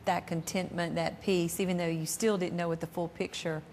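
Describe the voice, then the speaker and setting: Low-voiced woman host interviewing. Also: flat delivery, slight background noise. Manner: warm affirming reactions, slow drawn-out exclamations. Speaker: talk show host.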